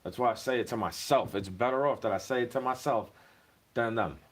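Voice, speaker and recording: A man's voice: medium pitch, fairly quick. Profane, agitated man ranting. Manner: agitated, profane, rambling, voice rising in bursts. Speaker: vlogger. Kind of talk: ranting monologue.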